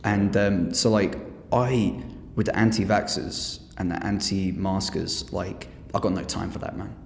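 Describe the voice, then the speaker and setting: Lower-voiced English man, echoey room. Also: unhurried, vocal fry, a little hiss or hum. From England. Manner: animated storyteller, swears freely, acts out quotes. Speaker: podcast guest. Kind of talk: casual chat. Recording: echoey room with long reverb.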